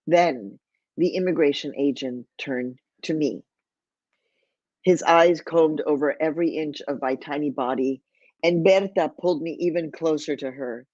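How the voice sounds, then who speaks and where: A woman's voice: deep voice, a little mellow, dry recording. A woman from Mexico, an author, reads aloud from her memoir in a vivid storytelling manner and drops in Spanish phrases now and then. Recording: dull, lo-fi, dry.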